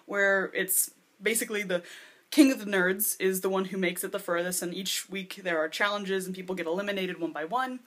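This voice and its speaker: A woman's voice: medium pitch, steady tone, a little fast. Chatty young woman vlogging from her bedroom. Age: 20s. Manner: chatty, rambling, lots of "like" and acted-out quotes. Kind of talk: casual vlog chat. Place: bedroom with posters.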